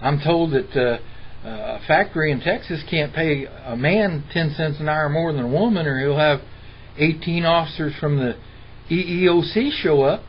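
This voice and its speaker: A man's voice: a little high, normal speed. Indignant middle-aged man, lo-fi recording. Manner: argumentative, mimics the people he quotes. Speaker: interview guest. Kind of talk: impassioned personal storytelling. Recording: dull lo-fi recording with faint hiss.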